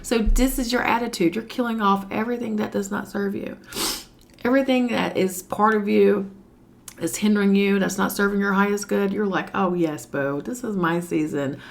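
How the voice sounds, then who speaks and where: A woman's voice: medium pitch, fairly even intonation, moderate pace, gravelly. A woman giving a casual tarot reading while sick with a cold, talking in a chatty, sassy way and swearing now and then. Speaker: tarot reader.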